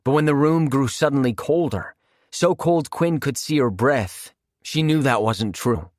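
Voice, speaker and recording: A man narrating a horror audiobook in a measured, vivid storytelling manner. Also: mid-range voice, no echo, clean studio sound.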